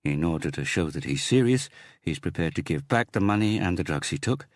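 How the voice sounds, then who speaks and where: A man voicing an older police chief inspector who talks in a measured, hushed way. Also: low-pitched, lively intonation, dry recording, clean studio sound.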